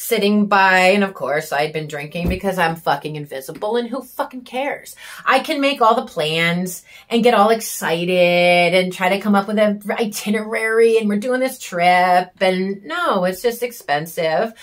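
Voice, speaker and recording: Woman, mid-range voice, emotional monologue, raw, bitter sarcasm, emphatic repetition. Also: medium pitch. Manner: raw and intense, with frequent swearing. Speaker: vlogger sharing her story.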